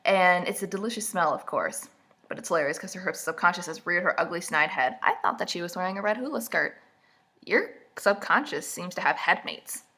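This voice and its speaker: A young woman with a bright, clear-edged voice picks apart a book in a casual recap. She talks straight to her camera from an indoor seat, throwing in sarcastic asides. Her voice is a little stuffy from allergies. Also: fairly low pitch, expressive, brisk. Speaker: vlogger.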